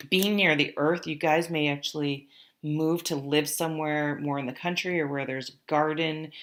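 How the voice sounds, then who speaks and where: A woman giving a casual, rambling tarot reading to her viewers, with many fillers and restarts. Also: low voice. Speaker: tarot reader.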